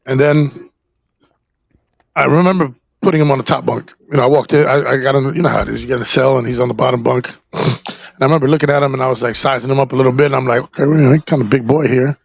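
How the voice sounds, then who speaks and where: A man from New Jersey, a podcast guest, candidly recounting a personal story in a halting, rambling way full of fillers and profanity. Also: medium pitch, steady tone, vocal fry, no echo, dull audio.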